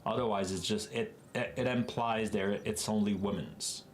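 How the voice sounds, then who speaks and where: A man with a Quebec French accent, a native French speaker, chatting casually with live-stream viewers as a software developer while working through code. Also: lowish voice, fairly even intonation, moderate pace, a little hiss or hum.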